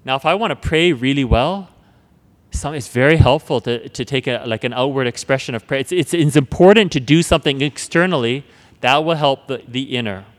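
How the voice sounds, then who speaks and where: A man giving an earnest spoken teaching on prayer, often repeating words and dropping to a hush when reciting prayers. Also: mid-range voice, brisk. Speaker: preacher. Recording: long hall reverb.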